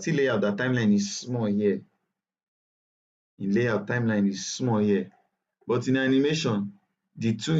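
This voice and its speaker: A man with a Nigerian English accent teaching a live online software class, chatty and repetitive, often correcting himself. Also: medium pitch, highs cut off. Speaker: bootcamp instructor.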